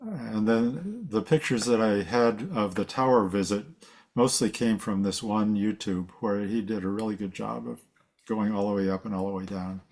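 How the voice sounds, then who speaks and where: A man with a fairly low, darkish voice presents slides at a seminar in a casual way, speaking at normal speed. He rambles, corrects himself as he goes, and chuckles now and then.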